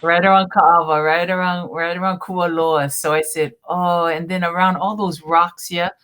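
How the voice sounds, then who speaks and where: A woman's voice: fairly low pitch, flat delivery, normal speed, a bit bright, clean tone. Sassy Hawaiian woman chatting. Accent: Hawaiian Pidgin English. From Hawaii, Oahu. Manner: sassy, playful. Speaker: guest. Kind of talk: casual live-stream chat.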